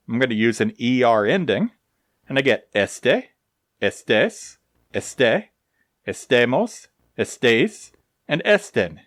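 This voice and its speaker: A man teaches grammar at an unhurried pace. His pitch rises and falls a lot as he stresses each form. The sound is close and dry, with no room around it. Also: a bit bright, no echo. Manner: slow, deliberate explanations with dry humor. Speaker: Spanish teacher. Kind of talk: recorded grammar lesson.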